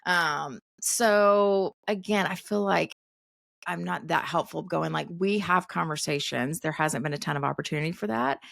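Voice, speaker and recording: A woman's voice: fairly low pitch, normal speed, vocal fry, fairly bright tone, no room sound, clean studio sound. A woman in her forties, a podcast guest in casual chat, talking chattily and often quoting herself with a laugh.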